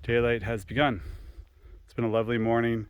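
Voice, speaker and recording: A man's voice: medium pitch, little pitch movement, a little fast, clear, resonant tone, phone-quality sound. A man in his thirties, a solo hiker, chatting casually with ums and uhs as he walks a mountain trail outdoors, speaking into a handheld camera. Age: 30s. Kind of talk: casual outdoor vlog narration.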